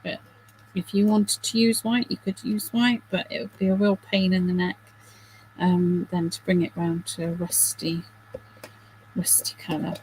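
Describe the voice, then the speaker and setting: A woman's voice: lowish voice, flat delivery, moderate pace, a little mellow, a little hiss or hum, rough recording. A middle-aged woman hosting a craft video, chatting casually and self-deprecatingly while she works, with giggly asides.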